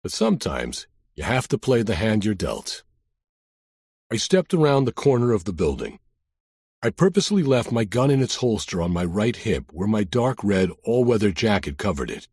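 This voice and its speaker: A man reads a first-person thriller audiobook with a wry, deadpan detective voice. His tone is husky and his pitch moves a lot. The sound is dry and close-miked. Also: normal speed, no echo. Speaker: audiobook narrator.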